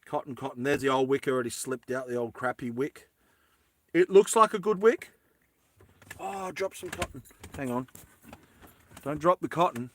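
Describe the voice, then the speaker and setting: A man's voice: mid-range voice, moderate pace, pauses often, a bit bright. A man chatting casually through a lighter repair, rambling into jokey tangents and correcting himself as he goes. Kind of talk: casual how-to chat.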